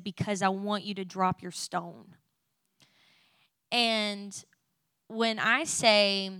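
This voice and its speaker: Young woman telling her faith testimony, emotional and candid, says "like" a lot, bright smooth voice. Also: mid-range voice, dry recording. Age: young adult. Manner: emotional, candid, frequent "like" fillers. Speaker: Christian speaker sharing a testimony.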